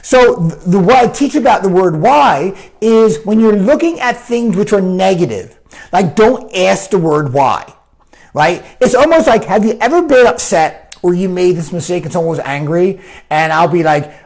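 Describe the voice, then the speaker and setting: A man's voice: high voice, normal speed, creaky. A man giving a casual coaching talk and answering viewer comments, often tagging his points with "right?". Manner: animated, keeps asking "right?", acts out quoted voices. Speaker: life coach.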